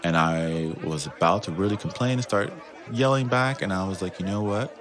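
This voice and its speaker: A man's voice: deep voice, moderate pace, some chatter behind. A man on a podcast, telling a casual story and acting out the voices of the people in it. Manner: animated, acts out quoted voices. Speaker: podcast guest. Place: Netherlands.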